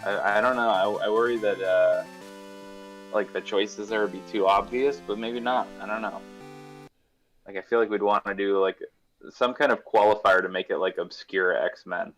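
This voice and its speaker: A man's voice: lowish voice, steady tone, moderate pace, fairly bright tone, faint music behind, low-quality recording. A man, chatty and joking as a guest on a casual live stream, keen on sports talk. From New England. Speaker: guest co-host.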